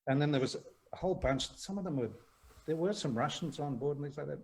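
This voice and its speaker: A guest actor with a New Zealand accent appears on a talk show by video call, telling a rambling anecdote with many restarts and frequent laughter. His voice is on the high side, darkish, and quick. The recording is rough, with a little hiss or hum.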